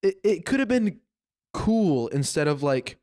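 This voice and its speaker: A young man co-hosting a podcast in casual chat, slangy and excitable, often trailing off mid-thought. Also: fairly high pitch, unhurried. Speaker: podcast co-host.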